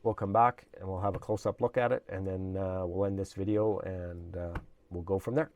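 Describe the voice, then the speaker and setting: A man with a fairly low, slightly hoarse voice talks through a model build at his workbench. He rambles casually, restarting sentences and filling pauses with "uh". The sound is dry and close. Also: steady tone, darkish tone, no room sound, dull audio. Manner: rambling, many fillers and restarts. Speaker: RC hobby channel host. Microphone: camera mic, at times handheld camera.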